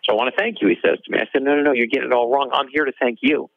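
A man's voice: medium pitch, racing, gravelly, no echo. A male author telling a story in an interview, acting out the dialogue in it. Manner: animated storyteller, acts out dialogue. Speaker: author guest. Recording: dry tinny phone-like line.

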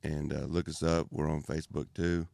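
A man's voice: rumbling low, little pitch movement, normal speed, gravelly, warm tone, no room sound. A man from Texas with a Texan accent, a guest on a podcast, speaking briefly in a laid-back, easygoing way. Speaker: guest, charity founder. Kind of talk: casual interview.

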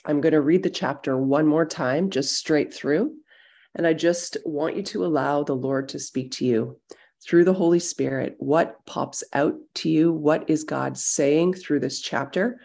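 A woman leading a Bible study over a video call. She speaks gently and without hurry, with a gravelly edge in her voice, as she guides listeners into a quiet devotional moment. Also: low voice. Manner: gentle, reflective, unhurried guiding. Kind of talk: devotional teaching, guided meditation.

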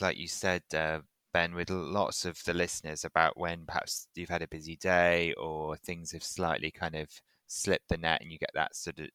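A man's voice: extremely low pitch, pushed and bright, clean tone, no echo. A man hosting a podcast, responding thoughtfully and a little hesitantly to his guest. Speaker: podcast host. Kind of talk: casual interview chat.

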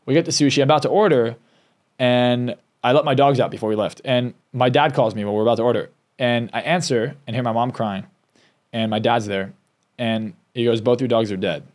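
A man guesting on a podcast as a success coach, telling his own story in a candid, emotional way. He talks quickly, and his pitch sits in a middle range. He often doubles back and restarts his sentences. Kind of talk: personal storytelling in a podcast interview.

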